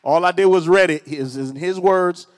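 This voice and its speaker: A man's voice: sits high, moderate pace. A middle-aged man preaching a casual sermon, telling personal stories with teasing asides to the crowd. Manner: conversational, storytelling, teasing asides. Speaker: pastor. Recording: long hall reverb.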